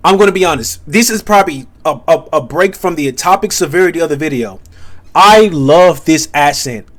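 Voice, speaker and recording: A man's voice: a little high, lively intonation, a little fast. Rambling man reacting casually. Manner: rambling, profane, many fillers. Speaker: reaction video host.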